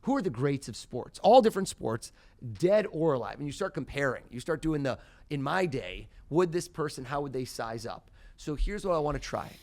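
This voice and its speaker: Man, mentalist guest, theatrical, punches up to loud reveals, raised pitch. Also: normal speed. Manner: theatrical, rising to loud excited bursts. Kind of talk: live mind-reading performance.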